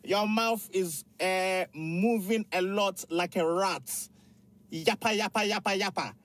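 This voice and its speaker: A woman voicing a stern, nagging woman who scolds a chatterbox in a slow, low, mocking tone, a little away from the mic. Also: lightly acted. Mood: scolding.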